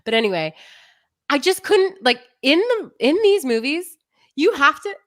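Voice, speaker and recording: A young woman co-hosts a casual podcast, riffing with mock exasperation and frequent laughter. Her pitch swings widely as she talks. The sound is close and dry, with no room around it. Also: sing-song, unhurried, a bit bright, no echo. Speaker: podcast co-host. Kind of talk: casual chat.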